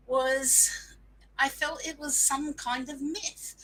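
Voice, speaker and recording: Frank, bright-voiced woman. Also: sits high, a little slow, breathy edge, rough recording. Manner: frank and expressive, with mild swearing and self-mockery. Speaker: small business owner sharing marketing lessons. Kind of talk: casual live-stream storytelling.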